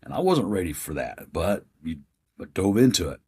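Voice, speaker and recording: A man in his fifties with a deep, very husky and raspy voice. He speaks as a podcast guest, telling his story in a plain-spoken, earnest way. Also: very animated, moderate pace, a little mellow. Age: 50s.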